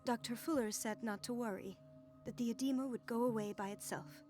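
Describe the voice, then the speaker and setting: A woman's voice: on the high side, steady tone, brisk, darkish tone, soft background music, natural voice. An actress playing a worried female nurse in video game dialogue, speaking in an anxious, questioning way. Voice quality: anxious and inquisitive.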